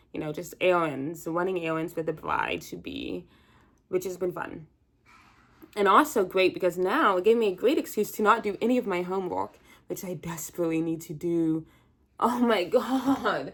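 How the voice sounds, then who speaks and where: A young woman chats alone on her podcast, rambling and candid as if on a phone call with a friend. Her voice sits a little low and has a lot of fry and gravel. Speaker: podcast host. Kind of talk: casual solo chat.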